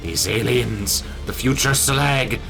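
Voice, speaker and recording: A man voicing a mournful prophet grieving a bleeding grove, speaking slowly and solemnly. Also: mid-range voice, gravelly, a bit bright, faint music behind, voice pushed up. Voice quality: slow, solemn, doom-laden.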